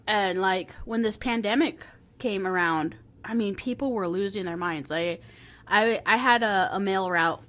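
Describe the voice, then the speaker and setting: A woman in casual podcast chat, telling a story with lots of laughter and calm, soothing quoted lines. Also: medium pitch, a little slow. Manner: animated storyteller, laughs often, soothing when quoting herself. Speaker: podcast co-host.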